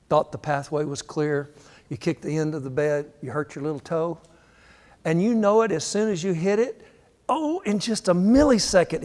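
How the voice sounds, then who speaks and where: Older preacher in a church hall. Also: male voice, fairly high pitch. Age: 60s. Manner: animated storytelling, acts out quotes with shifting voice. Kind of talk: sermon.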